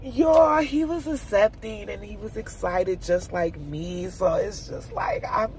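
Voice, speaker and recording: A woman mom vlogger chatting casually to her viewers, telling a personal story in an animated, chatty way. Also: mid-range voice, slow pace, slight background noise.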